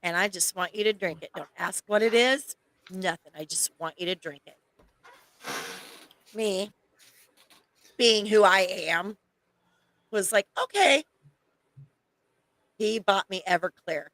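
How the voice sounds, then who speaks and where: A woman's voice: mid-range voice, a little slow, pauses often, a bit bright, no room sound, rough recording. A woman co-hosting a casual podcast, telling a bar story with wry, teasing remarks. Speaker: podcast co-host.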